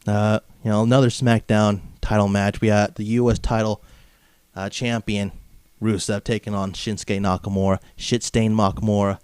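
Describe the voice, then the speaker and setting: A man's voice: lowish voice, flat delivery, normal speed, darkish tone, clear, resonant tone, no echo. A man from Southern California hosting a comedic wrestling podcast, brash and mocking, padding his rants with filler phrases. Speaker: podcast host.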